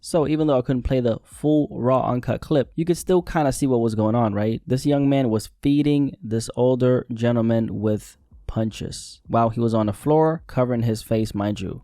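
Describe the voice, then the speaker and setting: Mellow-voiced man hosting news commentary. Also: medium pitch, dry recording, clean studio sound. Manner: earnest, emphatic, slows down to stress key words. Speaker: commentary channel host.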